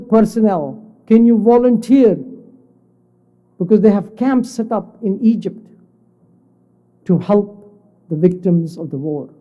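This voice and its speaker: A man's voice: high voice, narrow, tinny audio. A man giving a Friday sermon at a mosque, telling a story and then putting questions to the congregation. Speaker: khutba speaker.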